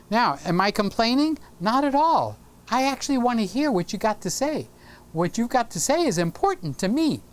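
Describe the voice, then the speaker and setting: A middle-aged man hosting a live stream, chatting casually and teasing viewers by name as he reads their comments. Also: high voice. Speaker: livestream host.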